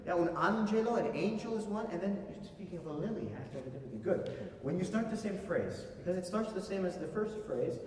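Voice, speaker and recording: A man conducting a master class, coaching a singer with animated remarks and sung demonstrations. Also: sits high, quick pace, hardly any pauses. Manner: animated, sings phrases to demonstrate. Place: concert hall. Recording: echoey hall, voice from far off.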